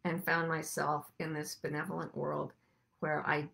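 Soft gravelly-voiced woman giving a reflective talk. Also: low voice, little pitch movement, a little slow. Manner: soft-spoken, drops to hushed shushing whispers. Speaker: podcast host and teacher. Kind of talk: reflective spiritual talk to a group.

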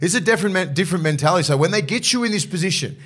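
A man's voice: sits high, lively intonation, racing, a bit bright, breathy edge. An Australian man co-hosting a casual sports podcast, blunt and sweary. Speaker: podcast co-host.

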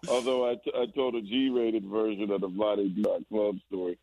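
A man's voice: fairly low pitch, dry recording. A man, a former basketball player, chatting casually and telling stories with stammering restarts. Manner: relaxed storytelling, stammering restarts. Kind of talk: casual chat. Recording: tinny phone-like line.

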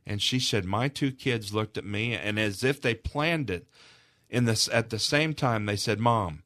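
A man's voice: fairly low pitch, a little slow, sharp tone, no room sound. A man recounting a moving story in a radio studio interview, earnest and emotional, his voice rising at key moments. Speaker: charity representative.

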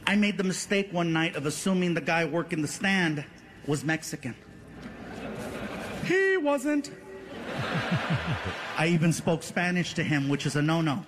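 A man telling a comic anecdote, animated and laughing through it. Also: on the high side, a little slow, pauses often, noisy background.

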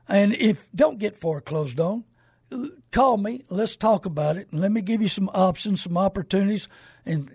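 A man's voice: high voice, warm tone, husky, no room sound, clean studio sound. An older man hosting a call-in car radio show in a folksy, rambling salesman's way. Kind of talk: casual call-in radio talk with plugs.

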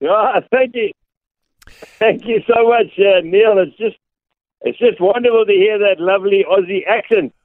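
A South African man, an evangelist, telling stories earnestly with many pauses and fillers over a phone line. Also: high-pitched, no echo. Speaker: guest evangelist.

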